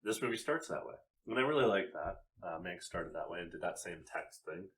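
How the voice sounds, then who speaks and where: Man, podcast co-host, deep voice with swooping animated delivery, chatty and laughing. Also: fairly quick, slight background noise. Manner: animated, laughs a lot, trails off mid-thought. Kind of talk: casual movie review chat.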